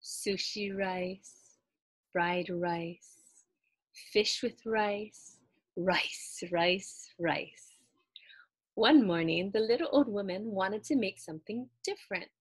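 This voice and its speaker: A woman reading a children's picture book aloud in an expressive, animated storytelling way. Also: mid-range voice, slow, slightly rough, no room sound.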